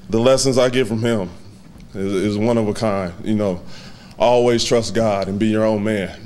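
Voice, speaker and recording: A man in his thirties giving a heartfelt, halting acceptance speech at a hall of fame banquet, fighting back tears and laughing softly. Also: on the low side, fairly even intonation, a little hiss or hum.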